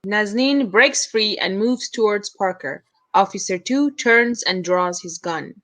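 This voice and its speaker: A woman reads the stage directions aloud in a plain, even narration. Her voice is mid-pitched and steady. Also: a little slow, poor audio. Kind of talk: scripted narration.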